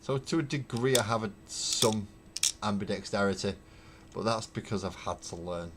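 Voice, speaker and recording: Low-voiced man chatting on stream. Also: normal speed, noisy background. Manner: rambling, wry, thinks aloud with fillers. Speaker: livestreaming miniature painter. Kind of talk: casual livestream chat, answering viewer comments. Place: home hobby room. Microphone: webcam.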